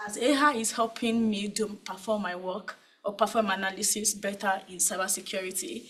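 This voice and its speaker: On a conference panel, a woman with a Nigerian accent explains her points in a mid-range, slightly bright voice, and the recording is rough. Her delivery is casual and conversational, scattered with "right?" tag questions and "um" fillers.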